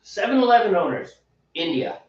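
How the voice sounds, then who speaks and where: A man co-hosting a casual homebrewing podcast, an animated storyteller who laughs and mimics voices. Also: high-pitched, moderate pace. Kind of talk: casual banter. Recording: echoey room, distant mic, dull lo-fi sound.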